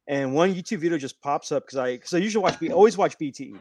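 A man's voice: on the high side, animated, quick pace, darkish tone, a little hiss or hum. A man co-hosting a casual podcast, telling a long rambling story with many restarts. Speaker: podcast co-host. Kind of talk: casual wrestling podcast chat.

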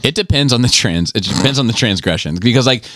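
A man's voice: mid-range voice, animated, fast talker, background noise. A man co-hosting a podcast, telling stories in casual, profane chat and often repeating himself. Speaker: podcast co-host.

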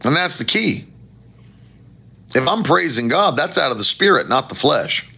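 A man preaching a sermon as pastor, with animated, emphatic rising phrases and a gravelly voice. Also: fairly high pitch, moderate pace.

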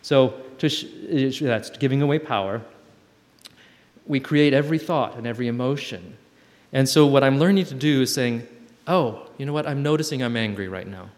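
Guy musing out loud to a group, mid pitch, stops to hunt for words, big echoey hall. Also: moderate pace. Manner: thoughtful, searching for words, self-questioning. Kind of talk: reflective talk to a group. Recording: long hall reverb.

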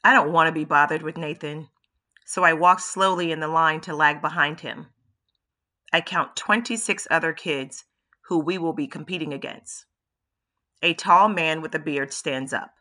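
A woman reading a first-person audiobook chapter in a steady, measured way. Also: deep voice. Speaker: audiobook narrator.

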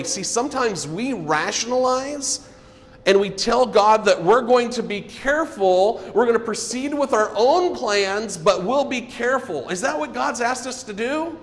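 Slow, earnest high-voiced male preacher. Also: animated, long reverb tail. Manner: earnest, drops to a soft low voice for emphasis. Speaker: pastor. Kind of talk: sermon.

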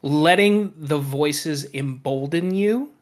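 A man's voice: a little high, slow. A man in casual podcast chat, rambling with lots of fillers and casual swearing.

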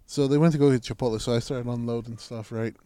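A man's voice: medium pitch, fast talker, clear, resonant tone, no echo. A man telling a long story in casual chat, swearing freely and acting out the arguments he had. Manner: profane, animated, acts out quoted arguments.

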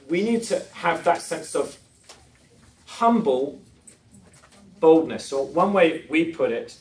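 A fairly high-pitched man, heard in an echoey room, gives a preaching talk to a live audience. This conference speaker jokes at his own expense in his stories and asks questions of the crowd, recorded on a distant mic with faint noise.

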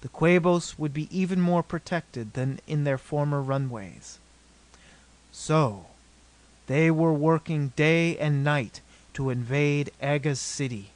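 A man narrating an adventure novel as an audiobook in a steady, measured reading. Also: fairly high pitch.

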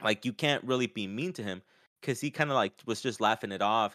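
A man talking casually about a fight, often acting out what others said in a raised, lively voice. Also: mid-range voice, brisk, no room sound, studio quality. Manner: animated, acts out quotes in raised voice. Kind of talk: casual sports chat.

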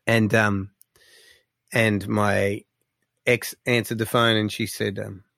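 A man, a musician guest telling stories in a casual interview, animated and full of fillers. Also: fairly low pitch, takes it slowly, vocal fry, dry recording, studio quality. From Australia. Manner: animated storyteller, lots of fillers, excitable.

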